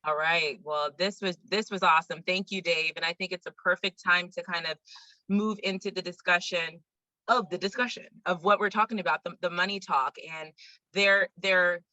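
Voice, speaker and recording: A woman's voice: fairly low pitch, steady tone, moderate pace, bright, forceful tone, no room sound, muffled recording. A woman hosting a webinar, moving between speakers in a casual way with many fillers. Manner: casual, filler-heavy transitions. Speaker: webinar host. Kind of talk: webinar moderation.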